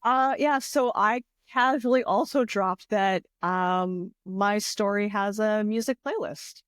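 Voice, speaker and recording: A young woman co-hosting a casual podcast, chatting in an animated, rambling way and laughing often. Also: mid-range voice, slow pace, smooth, no room sound, studio quality. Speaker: podcast co-host and author. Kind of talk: casual chat.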